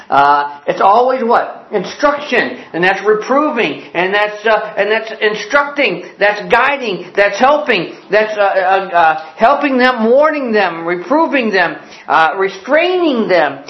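A man's voice: high-pitched, animated, a little slow, reverberant, muffled recording. An older man preaching a sermon as a pastor, telling folksy classroom stories to make his points. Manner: folksy storytelling with classroom examples.

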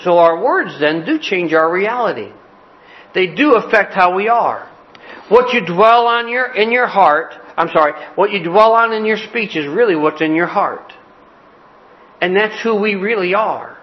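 A man's voice: high voice, animated, unhurried, highs cut off. A man preaching a sermon in a folksy, joking way, repeating his key phrases. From Cleveland, Ohio. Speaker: pastor.

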